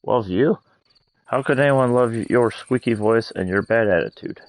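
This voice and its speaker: A man voicing a cocky, brash young fighter in a game, boastful and gruff. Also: mid-range voice, normal speed, dry recording, natural voice, poor audio. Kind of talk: game voice acting.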